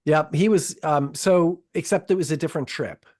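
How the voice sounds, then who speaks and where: A podcast co-host with a fairly high, slightly mellow male voice chats casually at normal speed. He tells stories in a rambling, profane way, constantly interrupting and restarting himself.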